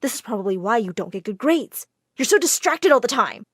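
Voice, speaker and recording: A woman's voice: on the high side, sing-song, a little fast, fairly bright tone, breathy edge, no room sound, clean studio sound, full character voice. A woman voicing a strict wealthy widow who raises a girl as a stepmother. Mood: scolding.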